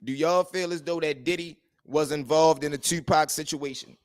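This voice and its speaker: A man hosts a livestream story show in animated street talk. His voice sits fairly high for a man. The sound is close and dry. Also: normal speed, no room sound. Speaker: host.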